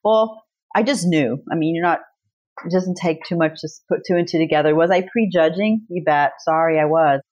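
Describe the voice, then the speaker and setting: Brash, low-voiced woman on a dull line. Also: brisk, a little mellow. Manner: brash storyteller, blunt and swearing. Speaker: podcast guest, author. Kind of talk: casual chat.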